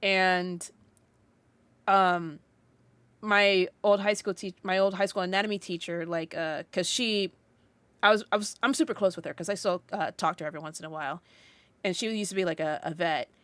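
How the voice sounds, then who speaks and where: A woman's voice: fairly low pitch, steady tone, normal speed, a bit bright, smooth, no room sound. A young woman co-hosting a casual podcast, telling a story in a rambling way, full of "like" fillers and restarts. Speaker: podcast co-host.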